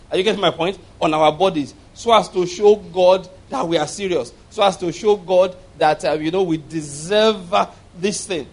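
A man's voice: high-pitched, normal speed, few pauses. A man preaching a sermon, reading scripture aloud and pressing his points with repeated questions to the congregation. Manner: emphatic, repeats and asks the audience to follow.

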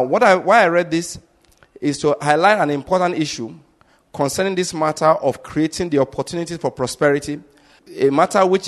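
A male pastor teaching a sermon, emphatic and repetitive, explaining his points step by step. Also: a little high.

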